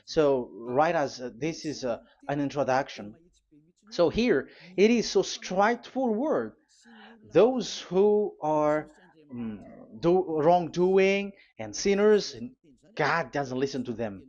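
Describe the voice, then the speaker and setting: Animated, halting preacher with dull sound. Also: male voice, a little high. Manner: halting, many fillers and restarts; urgent, emphatic warnings. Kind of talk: live sermon with scripture reading.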